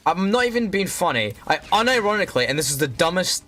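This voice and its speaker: A man's voice: on the high side, very animated, quick pace, few pauses, a bit bright. A young man casually commentating on a game he plays, ranting and swearing often. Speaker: streamer. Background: faint background music.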